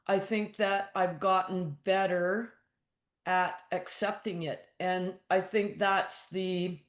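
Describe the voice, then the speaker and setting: Slow, blunt woman in an echoey room. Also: lowish voice, fairly even intonation. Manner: frank and blunt, swears, acts out her own inner voice in quotes. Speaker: guest, mental toughness coach. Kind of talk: casual interview talk.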